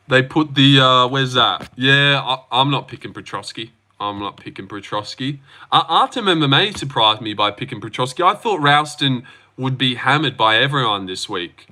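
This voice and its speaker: A young Australian man hosts a livestream, reading out the chat and reacting in loose, slangy talk. His voice is medium in pitch with a sharp tone.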